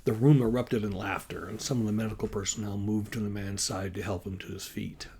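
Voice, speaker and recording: Author reading his own novel: man, low, gravelly, husky, measured. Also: fairly even intonation, warm tone, slight background noise. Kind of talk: audiobook narration.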